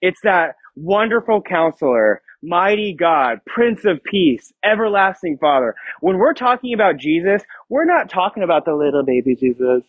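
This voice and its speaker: A man's voice: high-pitched, sing-song, moderate pace, few pauses, no room sound. A young man preaching to middle schoolers, playful and joking with them as he reads scripture aloud. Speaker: youth pastor. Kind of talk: youth sermon. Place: church youth room. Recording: dull lo-fi sound.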